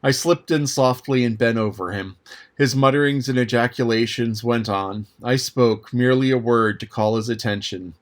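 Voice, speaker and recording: A man narrating a classic novel aloud as an audiobook reader, in a measured, even manner. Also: mid-range voice. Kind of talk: scripted narration.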